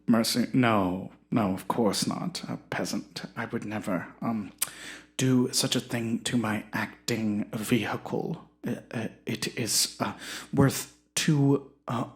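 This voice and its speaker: A grandiose stage actor, played by a comic performer who drops low and slow, nearly whispering as he savours each flowery word. He hesitates often, and his voice stays hushed and breathy. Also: close to an everyday voice. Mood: pompous. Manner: pompous, grandiose, hesitant with many ums. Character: pompous self-important Shakespearean actor. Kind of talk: comedy podcast character sketch.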